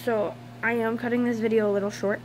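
A tired young woman chatting casually in a home vlog, soft and hesitant with many pauses and ums. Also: on the high side, little pitch movement, slight background noise, low-quality recording. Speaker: vlogger. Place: home, indoors.

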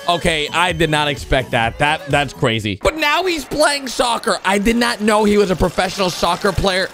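A man's voice: on the high side, moderate pace. Hyped up guy reacting to cartoon clips, voice jumping all over, music going behind him. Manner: excitable, exclamatory, talks to viewers as "bro" and "guys". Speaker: reaction video host.

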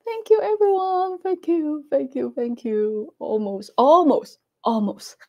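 Woman doing a livestream, super slow, kinda high voice, laughs a lot. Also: lo-fi sound. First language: Cantonese. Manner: slow, halting, laughs often. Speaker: livestream host. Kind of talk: casual live-stream chat.

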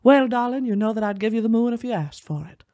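A woman's voice: on the high side, expressive, quick pace, mellow, natural voice. A woman putting on the voice of a suave male 1950s transatlantic film star, crooning romantically.

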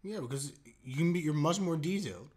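A man's voice: a little high, expressive, brisk, a little mellow. A man casually reacting to an anime episode, talking to his viewers with exclamations and laughter.

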